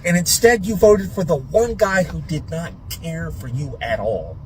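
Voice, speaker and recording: A man's voice: on the high side, lively intonation, measured pace, darkish tone, slight background noise, rough recording. A man ranting in a scornful, dismissive tone. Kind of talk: social media rant.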